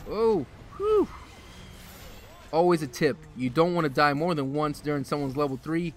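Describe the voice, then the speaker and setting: A man hosting a gaming video, giving casual, excitable commentary while he plays, a little out of breath, with sudden loud outbursts. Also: fairly high pitch, normal speed.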